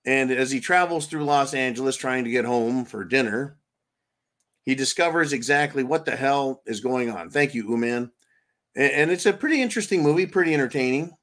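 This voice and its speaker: A man with a medium-pitched, expressive, slightly bright voice speaks at a moderate pace. Hosting a livestream, he reads out viewer comments and sarcastically mocks the news in a casual style laden with fillers.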